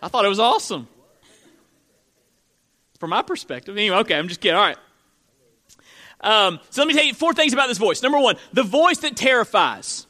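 Bright-voiced pastor preaching a sermon. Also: male voice, high-pitched, big pitch swings, quick pace. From Florida. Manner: conversational, joking asides to the congregation.

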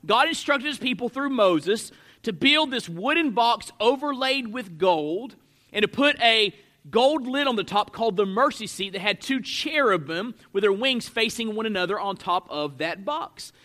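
Man, pastor, sermon, very high voice, bright tone, emphatic. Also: animated, moderate pace. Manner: emphatic, stretches key words with sudden swells in loudness. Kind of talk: expository sermon.

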